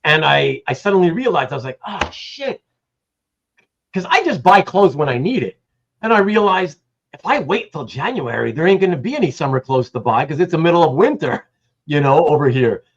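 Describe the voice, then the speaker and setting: A man's voice: on the high side, very animated, fairly quick, dull audio. A man hosting a casual livestream, rambling and greeting chat viewers by name, with some casual swearing. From Canada. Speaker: livestream host.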